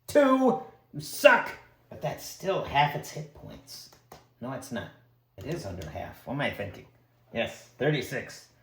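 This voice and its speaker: A man narrating his own solo tabletop game, excitable and talking to the dice and characters. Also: mid-range voice, normal speed, vocal fry. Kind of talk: casual solo play narration. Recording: echoey room.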